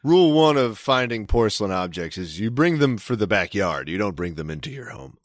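A man's voice: on the low side, big pitch swings, a little fast, dry recording, clean studio sound. A man from Maryland telling a long story in casual chat, rambling, swearing a lot and breaking off his sentences. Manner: rambling, profane, self-interrupting.

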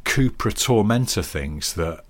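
A man's voice: on the low side, animated, unhurried. A man co-hosting a podcast, chatting casually in a wry, rambling, drily jokey way. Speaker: podcast co-host. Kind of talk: casual chat.

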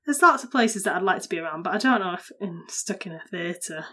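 A woman's voice: on the low side, animated, a little fast, pushed and bright, a little hiss or hum. A woman co-hosting a podcast in casual chat, laughing often and trailing off into restarts. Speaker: podcast co-host.

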